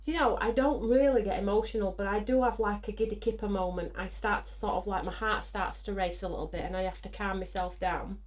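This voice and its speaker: A woman hosting a live craft show, chatting excitedly, whooping and reading out viewer comments. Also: medium pitch, a little fast, few pauses. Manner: bubbly and excitable, whooping and laughing.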